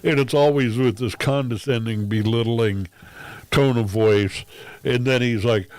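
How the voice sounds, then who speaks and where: A man's voice: medium pitch, fairly even intonation, unhurried, a little mellow, dry recording. A man talking casually on his livestream, rambling with frequent ums and wry laughs. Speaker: streamer.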